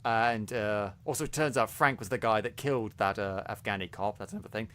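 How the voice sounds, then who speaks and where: A man's voice: lowish voice, a little fast, a bit bright. A man co-hosting a podcast, reviewing a series in casual chat, talking animatedly with many restarts and stumbles. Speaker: podcast co-host.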